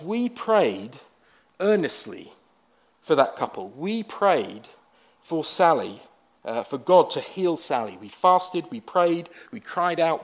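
Man preaching a conversational sermon. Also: a little high. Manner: conversational storytelling with wry asides. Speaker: pastor.

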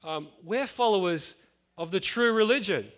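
A man's voice: sits high, expressive, moderate pace, voice pushed up. A man putting on the voice of smug, self-righteous religious men boasting of their purity in a mocking tone.

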